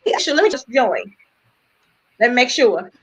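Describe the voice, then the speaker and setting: High-voiced woman chatting on a livestream. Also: very animated, normal speed, a bit bright. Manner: chatty and laughing often, loose slangy speech. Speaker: livestream host. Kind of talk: casual chat. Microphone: computer mic on a live video call.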